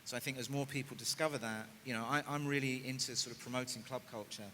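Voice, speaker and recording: A man speaking on a music industry panel in a thoughtful, measured way. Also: mid-range voice, steady tone, pushed and bright. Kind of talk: panel discussion. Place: conference stage in a large hall. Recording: hall reverb, faint noise.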